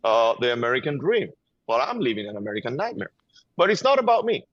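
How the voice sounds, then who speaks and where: A man's voice: mid-range voice, big pitch swings, brisk, a bit bright, no room sound, lo-fi sound. Urgent man with a Venezuelan Spanish accent. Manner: emphatic, urgent, repeats words while pushing his point. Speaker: guest, gun-violence activist. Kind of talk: impassioned interview answers.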